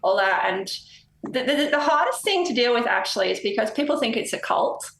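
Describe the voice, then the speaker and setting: A woman's voice: a little high, brisk, creaky, slight background noise. Chatty woman guest in a roomy space. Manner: animated, laughs often, jumps between stories. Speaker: numerologist guest. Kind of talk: casual podcast chat.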